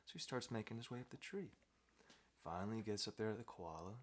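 A man's voice: on the low side, lively intonation, fast talker. A man around twenty, casually rambling through a long joke with a friend while smoking. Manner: laid-back, rambling storyteller. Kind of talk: casual chat.

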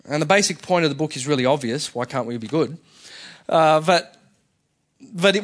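A male senior pastor giving a sermon in a conversational way, often restarting his phrases. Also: a little high. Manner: conversational, with frequent fillers and restarts.

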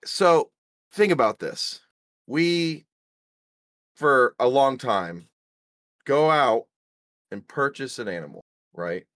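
A man's voice: medium pitch, animated, slow, pauses often, a bit bright, no echo, clean studio sound. A young man co-hosting a casual podcast, laughing a lot and asking prodding questions. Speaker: podcast co-host. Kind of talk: crude casual podcast banter.

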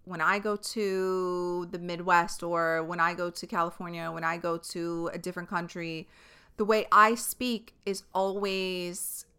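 A young New York woman with a New York accent hosts a casual solo podcast, delivering a frank, chatty monologue packed with fillers and the odd swear word. Her lowish voice is level, sharp, and clean, at a measured pace.

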